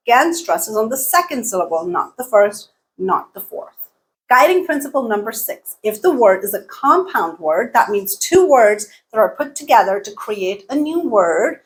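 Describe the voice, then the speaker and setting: A woman teaching an online English pronunciation lesson, speaking clearly and deliberately, modelling words by repeating them and checking in often with "okay?". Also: fairly high pitch, very animated, low-quality recording.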